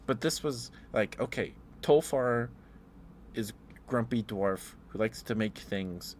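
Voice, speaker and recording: A man in a soft-spoken ASMR ramble, telling meandering stories with fillers and chuckles. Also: lowish voice, a little hiss or hum. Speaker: ASMR streamer.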